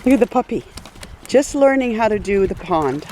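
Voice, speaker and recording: A woman's voice: mid-range voice, lively intonation, brisk, mellow, slight background noise. A woman dog breeder narrating a casual outdoor video beside a pond, chatty and coaxing as she calls to the dogs.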